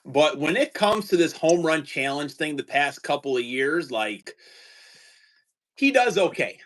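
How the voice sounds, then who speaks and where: A man's voice: fairly high pitch, sing-song, unhurried, a bit bright. A man hosting a casual livestream chat from home, easygoing and rambling. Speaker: teacher and card-collecting stream host.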